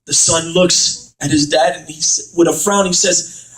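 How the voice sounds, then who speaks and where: A man performing dramatic spoken word poetry, rhyming and building up to shouts. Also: fairly high pitch, steady tone, normal speed. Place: church. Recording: echoey room, far from mic.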